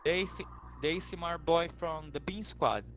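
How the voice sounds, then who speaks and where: A man's voice: a little high, moderate pace, fairly bright tone, a little hiss or hum. Playful man at a tabletop game. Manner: playful, cheerful. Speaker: player. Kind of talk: playing a character at a tabletop game.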